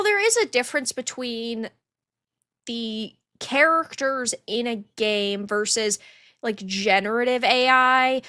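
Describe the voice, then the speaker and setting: Female podcast co-host, bright and higher, chatty and giggly. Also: dry recording, clean studio sound. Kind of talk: casual chat, reading donations.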